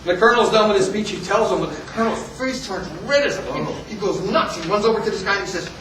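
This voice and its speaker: A man's voice: sits high, expressive, fast, a bit bright, a little hiss or hum. A man giving a folksy, joking history talk at a meeting, often restarting phrases. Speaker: speaker at a heritage group meeting. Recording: echoey hall, speaker far from mic.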